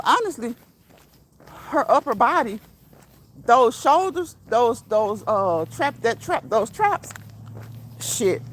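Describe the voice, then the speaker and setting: A woman's voice: a little high, a little hiss or hum. A woman hosting a casual live stream outdoors while walking, chatting with viewers, reading their comments aloud and laughing often. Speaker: livestream host.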